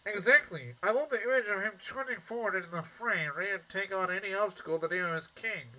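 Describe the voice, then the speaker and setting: A man's voice: high-pitched, a little fast, sharp tone, pitched above the performer's own voice, low-quality recording. A man voicing an earnest, bookish young male knight in a nasal put-on voice, reading game dialogue aloud. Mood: eager.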